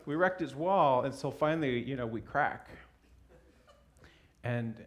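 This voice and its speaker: A man's voice: medium pitch, measured pace, a little hiss or hum. Man preaching with a funny story. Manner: animated storyteller, chuckling through his own anecdote. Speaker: pastor. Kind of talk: sermon with a humorous personal story.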